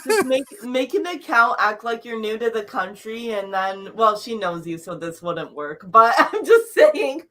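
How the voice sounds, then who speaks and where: A giggly, playful woman chats with friends. She talks slowly, and her voice swings widely in pitch. It sits fairly high overall. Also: big pitch swings, a bit bright. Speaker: guest. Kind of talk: casual chat.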